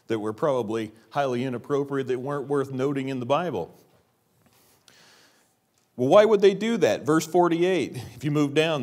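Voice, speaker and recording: Man preaching a sermon, rising and falling. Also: mid-range voice. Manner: preaching with rhetorical questions, dropping to quiet emphasis. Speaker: pastor. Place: church sanctuary.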